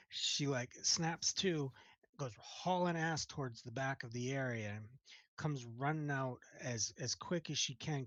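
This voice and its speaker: Male game master, casual lively narration, dry and dull lo-fi sound. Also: medium pitch, no room sound. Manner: casual, vivid play-by-play narration. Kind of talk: narrating a tabletop role-playing game.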